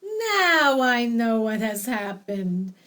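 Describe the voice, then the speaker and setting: A woman voicing a calm, wise male grand rabbi who explains things softly and patiently. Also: a little high, takes it slowly, heavily acted. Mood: solemn.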